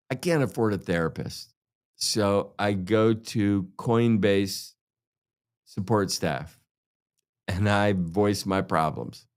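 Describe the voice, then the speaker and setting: This time the crypto podcast host sounds on the low side, with a clean tone. He's still ranting heatedly and sarcastically, cursing constantly throughout the monologue.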